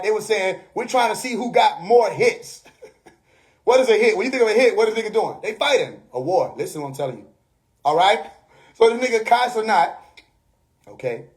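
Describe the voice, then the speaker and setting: Man, high voice, preachy livestream host, laughs a lot, keeps checking in with viewers. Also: darkish tone. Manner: preachy, laughing often, repeats "you know what I mean". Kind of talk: casual livestream monologue. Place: bedroom.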